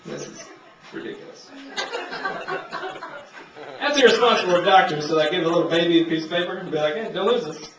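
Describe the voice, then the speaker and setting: A young man works through a stand-up set, rambling easily and jumping into raised character voices. His voice sits high for a man. The recording is muffled and lo-fi, caught from a distance in a roomy club with clear audience noise. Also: brisk, pauses often. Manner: laid-back rambling delivery, acts out characters in raised voices. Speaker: stand-up comedian. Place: comedy club stage. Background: audience laughter.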